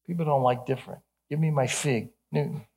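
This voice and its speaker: This middle-aged Ohio pastor has a mid-range, gravelly voice and speaks a little fast. His sermon starts earnest, then turns playfully animated as he slips in jokes and humorous asides.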